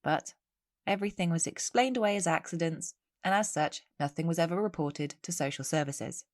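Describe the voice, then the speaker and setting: A woman hosts a true-crime podcast on her own, her voice sitting fairly low. She tells the case in a chatty, conversational way, breaking it up with wry asides. The recording is close and dry, with no room sound. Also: a little fast, no room sound. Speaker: podcast host. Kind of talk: solo true-crime storytelling.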